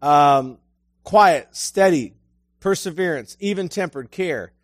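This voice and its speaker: A middle-aged man delivers a sermon in an easy, talking-to-you manner and keeps turning questions on his listeners. His voice sits a little high for a man. The sound is dry and close, with no room echo. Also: slow pace. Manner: conversational storytelling, asks the listeners questions. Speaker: preacher.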